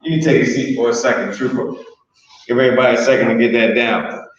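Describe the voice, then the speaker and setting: A man's voice: medium pitch, fairly even intonation, fast. A man teaching a live language class in a casual, joking manner, drawing out words and laughing between points. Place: classroom with students. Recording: very echoey room from far off, dull.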